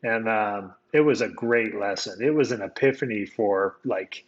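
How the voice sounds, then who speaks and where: A man from the United States, a guest telling a personal story in relaxed, casual conversation, reflective and often restarting his sentences. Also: lowish voice, moderate pace, highs cut off.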